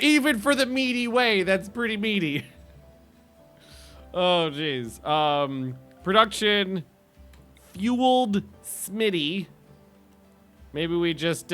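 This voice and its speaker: A man's voice: high voice, sharp tone, clear, resonant tone. A man casually chatting with viewers while streaming a game, rambling and laughing often.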